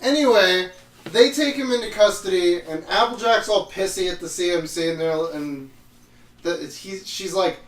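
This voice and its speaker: A man's voice: high voice, moderate pace, fairly bright tone, echoey room, far from the mic. A man co-hosting a podcast, recapping cartoon episodes in a rambling, profane, casual way. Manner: rambling, swears often, trails off mid-sentence. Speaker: podcast co-host.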